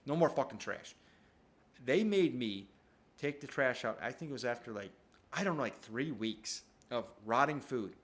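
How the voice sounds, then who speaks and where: A man's voice: medium pitch, expressive, normal speed, a bit bright. A man at home telling a rambling, profane story in a casual monologue. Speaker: vlogger. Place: at home, downstairs.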